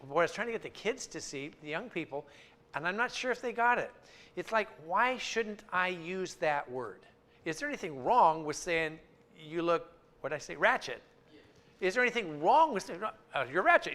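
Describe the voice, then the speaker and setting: A man's voice: sits high, sharp tone. A man giving an informal church talk, conversational, often repeating words and restarting his sentences. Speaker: church speaker. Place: church sanctuary.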